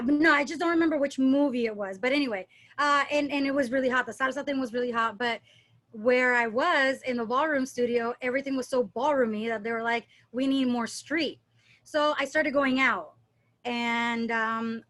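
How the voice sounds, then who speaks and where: A young adult woman, a dancer, chatting casually in an interview and telling stories in an animated way. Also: a little high, normal speed. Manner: animated storyteller, mimics accents playfully.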